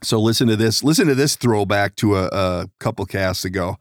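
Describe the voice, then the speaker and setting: A man's voice: on the low side, brisk, dry recording. Man, podcast host, rambling casual stories, laughs a lot, dry close sound. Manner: rambling storyteller, laughs often, swears. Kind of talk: casual chat.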